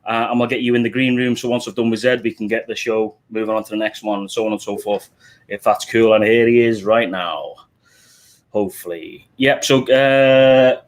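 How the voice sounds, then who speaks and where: Speaking into a desk microphone, a middle-aged man with a Liverpool accent hosts a live stream. His voice is fairly low and fairly even, delivered at a moderate pace, and his manner is casual and chatty as he greets viewers one by one as mate and buddy.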